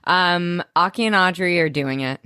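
A woman co-hosting a podcast, reacting in animated casual chat and recapping the plot. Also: on the low side, clean tone, dry recording, studio quality. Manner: animated, reactive, quick to laugh and gasp. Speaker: podcast co-host recapping a TV episode.

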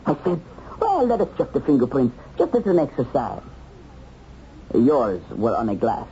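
A pursuer who taunts his captured enemy and chuckles as he talks. His voice is lively in pitch and dark in tone. The old television soundtrack is dull and carries faint hiss. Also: normal speed. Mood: taunting. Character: male hunter of a war criminal, mocking then torn.

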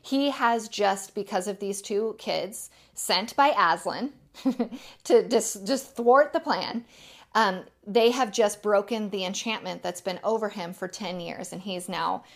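A woman's voice: medium pitch, unhurried. A woman teaching a church group and reading a novel aloud, explaining as she goes with a few halts.

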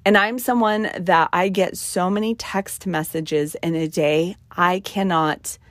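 Chatty woman with a lower, dry voice. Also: fairly even intonation, a little slow, dry recording. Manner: chatty, emphatic, many ums. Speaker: podcast host. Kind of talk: casual solo podcast talk.

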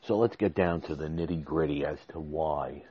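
A podcast host in his forties talks emotionally and ramblingly to listeners in a casual monologue, restarting his words. He has a slightly rough bass voice at normal speed. The recording, made on a desk microphone, sounds muffled.

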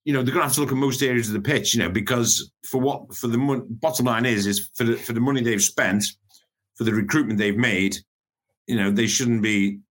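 A man talking football in a casual chat, stumbling over restarts and fillers. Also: fairly low pitch. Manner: hesitant, many restarts and fillers. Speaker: football pundit.

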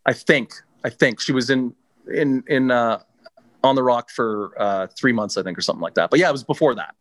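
A man's voice: mid-range voice, a bit bright, no room sound. A middle-aged man casually telling a long personal story, swearing freely and restarting his sentences. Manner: laid-back, swears freely, halting restarts. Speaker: guest.

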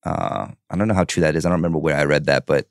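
A man's voice: extremely low pitch, very fast, gravelly, dry recording, studio quality. A young man co-hosting a sports podcast, chatting casually and swearing now and then. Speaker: podcast co-host.

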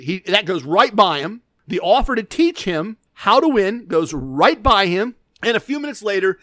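A man's voice: high-pitched, a bit bright, no room sound. A man telling a casual gambling anecdote from bullet points, wry and self-deprecating, often restarting his sentences. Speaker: gambling storyteller.

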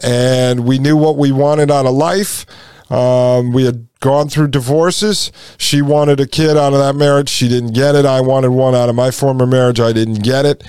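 A man in his forties hosts a podcast and tells a long personal story in a loose, chatty way, now and then calling his listeners "folks." His voice is smooth and resonant at a middle pitch. It sounds close and dry, with no room around it. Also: fairly even intonation, moderate pace, darkish tone, no echo. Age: 40s. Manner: conversational, addresses listeners as folks. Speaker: podcast host.

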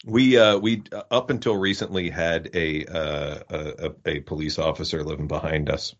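A man with a very low voice joins in on the podcast, hesitant and full of "uh"s as he starts his point. The sound is dull and lo-fi. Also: fairly even intonation, moderate pace. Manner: brief back-channel replies, hesitant with fillers. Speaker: podcast co-host. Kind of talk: casual chat.

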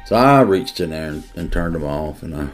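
A middle-aged man, a police detective, telling a personal story in an interview in an earnest, emotional way with halting restarts. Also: rumbling low, animated, soft background music.

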